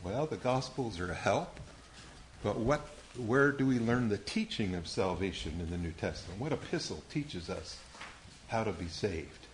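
A man's voice: on the low side, expressive, moderate pace, slight background noise. A man teaching a Bible lesson to young listeners, quizzing them patiently and calling on them by name.

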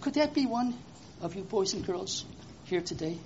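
A preacher giving a children's sermon with an object lesson, speaking in an animated, exclamatory way and asking the children questions. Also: mid-range voice, moderate pace, highs cut off, slight background noise.

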